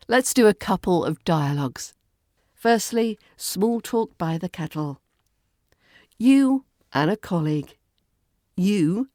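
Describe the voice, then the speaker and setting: A woman with a British RP accent hosting a podcast lesson, speaking lightly and clearly and acting out example phrases. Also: medium pitch, lively intonation, slow, long pauses, dark tone, dry recording, clean studio sound. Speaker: accent coach and podcast host.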